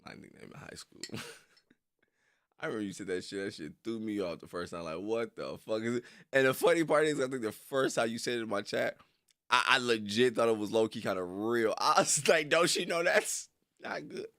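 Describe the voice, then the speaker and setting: A young man streaming casually to his viewers: loose, slangy, laughing often and jumping into high squeals. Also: a little fast, a bit bright. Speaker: streamer reacting to videos. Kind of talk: casual chat with live viewers.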